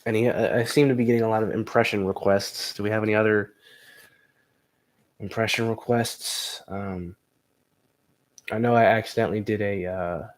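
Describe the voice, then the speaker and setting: Young male comic streamer, low voice, rambling, crude, self-deprecating chat. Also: steady tone, normal speed, pauses often. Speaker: comedian streamer. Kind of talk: casual live-stream chat.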